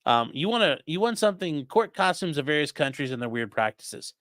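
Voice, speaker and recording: A man hosting a livestream, reading out viewer questions and answering them in a rambling, offhand way that often trails off quietly. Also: on the high side, very animated, a little fast, no echo, studio quality. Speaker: livestream host reading chat. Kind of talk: casual live chat.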